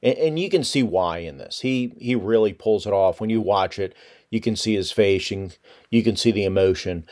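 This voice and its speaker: A man's voice: on the low side, moderate pace, a little mellow. A man hosting a podcast, talking casually and rambling a little, with frequent restarts. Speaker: podcast host.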